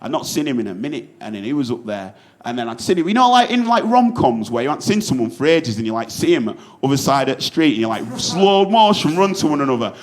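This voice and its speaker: A man's voice: medium pitch, sing-song, quick pace, few pauses, a little mellow. A man with a Yorkshire accent doing a stand-up set, telling stories in an earnest, casual way with some swearing. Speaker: stand-up comedian.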